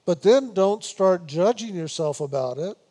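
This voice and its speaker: A man giving a spiritual meditation talk, unhurried and repetitive, gently teasing his listeners and laughing now and then. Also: high voice, expressive. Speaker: spiritual teacher.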